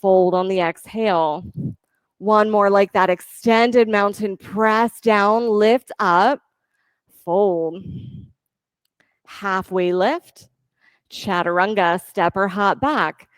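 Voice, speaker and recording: Woman yoga teacher, calm guided class cues, unhurried, dry close sound. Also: medium pitch, smooth, no room sound. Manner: calm, encouraging step-by-step cueing of breath and poses.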